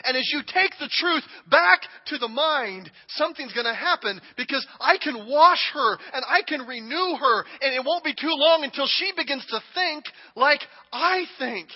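A man preaching a sermon and acting out a king speaking, dramatic and emphatic, moving between hushed lines and shouting. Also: very high-pitched, expressive, moderate pace, hardly any pauses. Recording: long hall reverb, dull audio.

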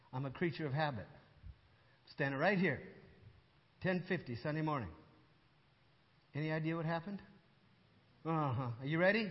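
Older guy pastor telling a story from the pulpit, does the voices, kinda high voice, big echoey church sound. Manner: animated, acts out dialogue, asides to audience. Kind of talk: storytelling sermon. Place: church hall with audience. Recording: dull sound in long reverb hall.

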